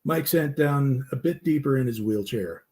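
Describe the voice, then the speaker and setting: A man's voice: medium pitch, moderate pace, darkish tone. Man narrating a campfire story.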